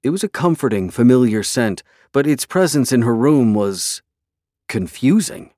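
A man narrating a fantasy novel in a measured, even storytelling way. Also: medium pitch, dry recording, clean studio sound. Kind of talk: scripted fantasy audiobook narration.

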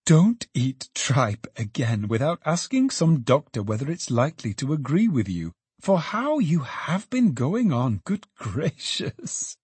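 A man reading an audiobook, voicing a gentle young woman who is soon to be married, speaking softly and tenderly to her father. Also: on the high side, very animated, unhurried, few pauses, breathy edge, no room sound, full character voice. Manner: soft, tender and teasing. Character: young woman, gentle bride-to-be, affectionate daughter.

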